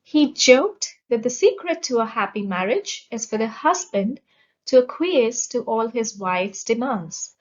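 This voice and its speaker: A woman with a fairly high voice teaches exam vocabulary at a very slow, deliberate pace. She enunciates every word carefully. The audio is a little dull and lo-fi. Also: expressive. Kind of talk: scripted vocabulary lesson.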